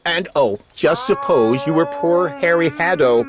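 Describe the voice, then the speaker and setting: A man's voice: a little high, unhurried, music in the background. A man reading a rhyming children's book aloud in a playful, sing-song storytelling manner. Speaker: storybook reader.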